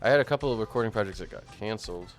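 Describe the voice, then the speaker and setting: A man hosting a live-streamed talk show, chatting casually in a relaxed, rambling way with occasional chuckles. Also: on the low side, racing, soft background music. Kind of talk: casual chat.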